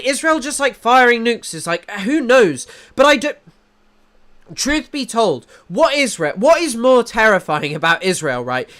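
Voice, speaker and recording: High bright-voiced man rambling on stream. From England. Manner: rambling, restarts sentences, reads chat aloud. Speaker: livestream host. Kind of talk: casual livestream commentary.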